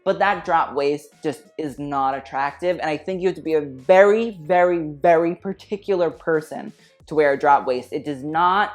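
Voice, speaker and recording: Woman roasting red carpet looks, lowish voice, blunt and slangy, quiet music under it. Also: normal speed. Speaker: fashion critic vlogger. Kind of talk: casual fashion commentary.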